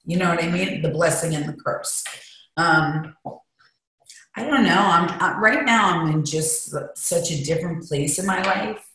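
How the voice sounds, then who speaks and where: In a very echoey room at a recovery treatment center, a woman guest speaks candidly in an interview. Her voice is lowish and fairly bright, her pace unhurried, and her manner emotional, confessional, and emphatic.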